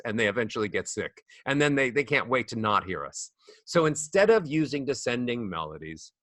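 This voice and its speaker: A man teaching as a voice coach guest on a podcast, animated and demonstrating rising and falling speech melodies. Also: mid-range voice, dry recording, studio quality. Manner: demonstrates speech melodies with sung-up acted examples. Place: studio.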